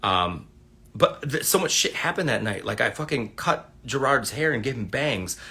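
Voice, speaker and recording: A man with a bright, forceful voice tells a meandering story, swearing freely and circling back as he goes. He talks casually into his phone for a livestream. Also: mid-range voice, expressive, normal speed. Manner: rambling, profane, laid-back. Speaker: livestream host.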